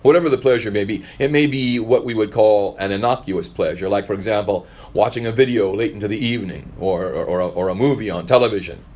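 A man's voice: on the low side, quick pace, hardly any pauses, a little mellow. A man preaching a sermon in a conversational way, now and then acting out the voices of the people he quotes. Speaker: pastor.

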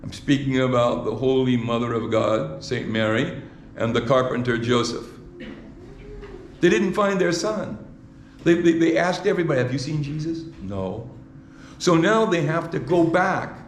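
A man preaches in a mid-pitched voice, restarting phrases and putting rhetorical questions to his congregation. The sound is roomy and echoey, with faint ambience behind him. His delivery sounds like a live sermon in a church hall. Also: animated, a little slow, slight background noise. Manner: repeats words, asks the congregation rhetorical questions.

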